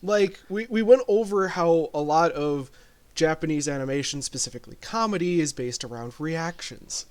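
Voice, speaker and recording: High-voiced, blunt male podcast co-host. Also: normal speed, smooth. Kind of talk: casual chat.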